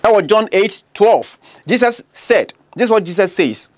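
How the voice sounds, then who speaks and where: A man's voice: high voice, lively intonation, a little slow. A man with a Ghanaian accent preaching Christian apologetics, emphatic and prone to repeating his declarations for force. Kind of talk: apologetics preaching mixing English and Akan.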